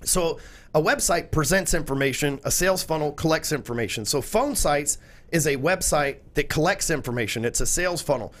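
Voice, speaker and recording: A man's voice: on the high side, animated, brisk. A man, a podcast guest talking in a blunt, profane, salesy way. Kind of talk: casual chat.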